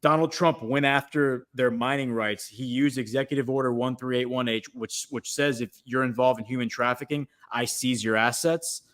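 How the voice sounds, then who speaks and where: A man speaks as a guest on a political livestream. His talk rambles, full of restarts and fillers, in a medium-pitched voice. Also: steady tone, moderate pace, few pauses, a bit bright. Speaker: guest commentator.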